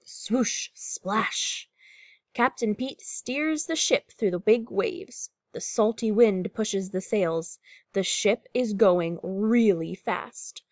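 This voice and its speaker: A woman's voice: mid-range voice, takes it slowly, no room sound. A woman teacher reading a picture book aloud to pupils and explaining what the story shows. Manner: warm, clear classroom explaining.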